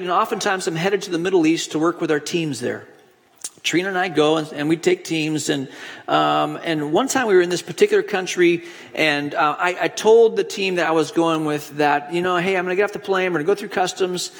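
Guy preaching, kinda high voice, chatty storytelling, echoey church hall. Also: a bit bright. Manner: conversational storytelling preacher with restarts. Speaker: pastor. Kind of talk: sermon.

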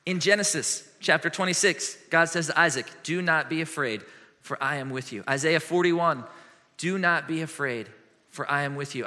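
A man preaching a sermon as a pastor, animated and earnest, moving between lively questions and hushed, gentle passages. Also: fairly high pitch. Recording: long hall reverb.

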